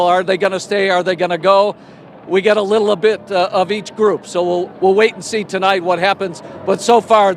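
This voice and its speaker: Calm male TV field reporter outdoors. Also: sits high, slight background noise. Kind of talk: live TV news report. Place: outdoors at a street protest in front of City Hall.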